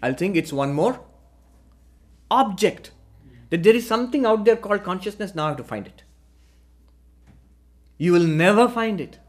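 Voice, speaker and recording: Man giving a measured philosophy lecture. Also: sits high, expressive. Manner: measured, asks rhetorical questions. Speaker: spiritual teacher.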